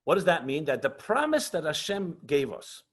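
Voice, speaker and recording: A man teaching an online class as a rabbi, earnest and passionate, often slowing down for emphasis and mixing Hebrew and Yiddish terms into English. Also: a little high, very animated. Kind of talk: lecture with questions and answers.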